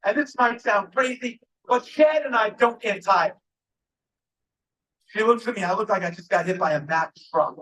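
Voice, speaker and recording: A man giving a live motivational keynote speech, emphatic and often shouting to the crowd. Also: sits high, normal speed, recorded from a distance, slight background noise, poor audio. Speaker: motivational speaker. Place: large live event venue.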